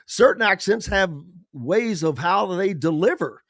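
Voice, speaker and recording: A man's voice: sits high, unhurried, no echo, clean studio sound. A man hosting a sports radio show, chatting casually and animatedly and slipping into voices and impressions. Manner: animated, does voices and impressions while talking.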